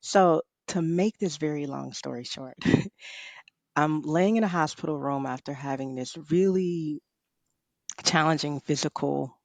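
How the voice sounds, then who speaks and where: A middle-aged woman and author, a guest telling a personal story in a conversation, expressive, laughing often and saying "you know" a lot. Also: low voice, a little slow, vocal fry, dry recording. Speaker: author and rest coach, guest.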